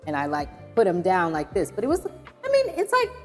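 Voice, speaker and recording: A woman hosting a show, telling a personal story casually and animatedly, with lots of fillers. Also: lowish voice. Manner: animated, fast-talking, filler-heavy. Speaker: podcast host. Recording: long hall reverb with faint music.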